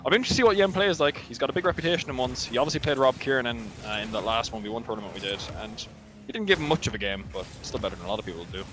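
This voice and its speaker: A man's voice: mid-range voice, lively intonation. A man with an Irish accent giving chatty color commentary and analysis on an esports match. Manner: rapid, chatty analysis with fillers. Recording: noisy background.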